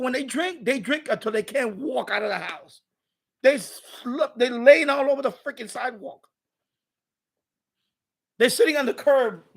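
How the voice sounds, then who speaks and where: A man with a rather high voice and a rough, gravelly edge. He hosts a live stream in a loose, chatty way. He gets worked up as he tells stories and talks to his viewers. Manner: animated ranting storyteller. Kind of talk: casual live-stream chat.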